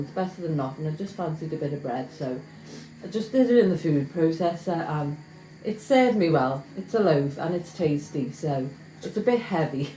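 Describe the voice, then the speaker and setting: A woman's voice: low voice, dark tone, slight background noise. Chatty woman cooking at home. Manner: chatty, self-mocking, talks to viewers while cooking. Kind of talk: casual cooking vlog. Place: home kitchen. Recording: echoey kitchen with clattering pans.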